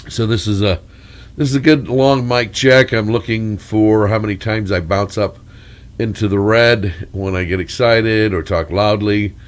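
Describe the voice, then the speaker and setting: A man's voice: fairly low pitch, steady tone, measured pace. A man with a crackly, congested voice from a cold, rambling through a long mic check with corny jokes and wandering asides. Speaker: storyteller.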